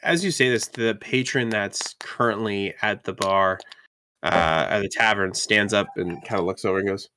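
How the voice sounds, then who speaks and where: A game master narrating a tabletop game in a casual, filler-heavy way. His voice sits slightly low. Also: normal speed, bright, forceful tone.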